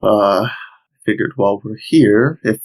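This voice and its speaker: A man's voice: lowish voice, unhurried, a little mellow, slightly rough, rough recording. A man playing a male ship captain who politely asks for help. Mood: requesting. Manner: polite, asking favors.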